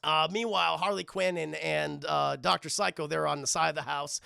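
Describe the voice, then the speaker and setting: A man recapping a cartoon for his livestream chat, profane and animated. His voice sits high with a heavy gravelly fry. The recording is close and completely dry. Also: moderate pace, no room sound. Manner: animated, swears constantly, addresses chat.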